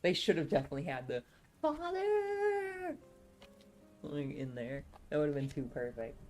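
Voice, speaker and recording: Low-voiced woman chatting on stream. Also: fast, a little mellow, soft background music. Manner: laughs often, rambling with restarts. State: sore throat. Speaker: streamer reading a novel aloud. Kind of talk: casual live-stream commentary.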